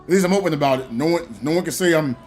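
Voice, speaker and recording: A man chatting casually on a gaming live stream, telling stories in an animated way and laughing often. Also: on the high side, very fast, faint music behind. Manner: animated storytelling with frequent laughs.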